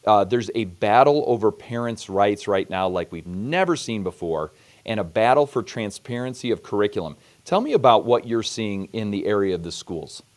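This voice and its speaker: Male host, interview, low voice, measured and serious. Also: animated. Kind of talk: earnest interview conversation.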